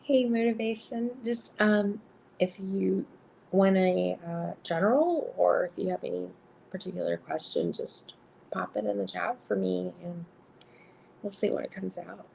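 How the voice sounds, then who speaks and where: A woman with a husky voice reading cards on a live stream, chatting casually with viewers and giggling often between rambling sentences. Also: medium pitch, a little slow, mellow, slight background noise. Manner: chatty and rambling, full of filler words. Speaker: live-stream card reader.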